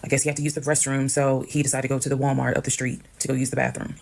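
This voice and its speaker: A woman telling a personal story in a casual storytime monologue, brisk and matter-of-fact, acting out the people she quotes. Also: a bass voice, little pitch movement, creaky, darkish tone. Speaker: storyteller recounting her own experience.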